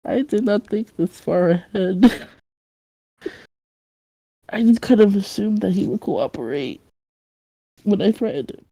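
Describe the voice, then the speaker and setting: A woman's voice: deep voice, level tone, measured pace, pauses often, dark tone, smooth, no echo, low-quality recording. A woman voicing a nervous, bumbling young man who stammers and apologizes constantly. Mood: deflated.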